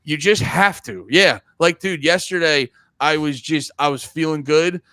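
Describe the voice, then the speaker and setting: A man's voice: a little high, unhurried, clear, resonant tone, no echo, studio quality. A man in his thirties co-hosting a casual podcast, rambling and swearing freely, often restarting his sentences. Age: 30s. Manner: rambling, animated, swears a lot, stammers on restarts. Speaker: podcast co-host. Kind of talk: casual chat.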